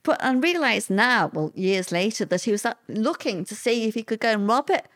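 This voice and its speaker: A woman's voice: on the high side, expressive, a little fast. A woman, answering interview questions with plain-spoken, vivid personal recollection.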